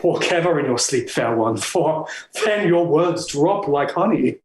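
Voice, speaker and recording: A man's voice: fairly high pitch, unhurried, roomy sound, a little hiss or hum. A man playing a playful word-loving poet. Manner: lively, savouring phrases, stammering with uh. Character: playful male poet, charmed by words. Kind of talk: Elizabethan stage acting.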